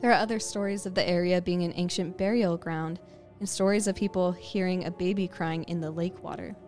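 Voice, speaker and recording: A woman co-hosts a podcast and reads an eerie lake legend. She speaks in a low voice and sets the scene by addressing the listener as "you." Faint music plays underneath. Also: fairly even intonation, a little fast, a little mellow. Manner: second-person scene-setting, leading the listener. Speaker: podcast co-host. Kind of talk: scripted spooky storytelling.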